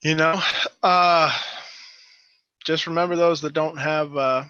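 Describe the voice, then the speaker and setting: A man's voice: a little high, pushed and bright, dry recording. Easygoing man on dull, dry audio. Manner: easygoing, earnest, halting with fillers. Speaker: guest. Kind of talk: casual chat.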